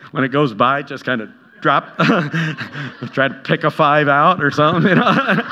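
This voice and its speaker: In a reverberant hall, a pastor with a bright, somewhat high voice gives a storytelling sermon. He keeps it conversational, acts out quotes, and chuckles at his own stories, while the recording sounds dull with long reverb.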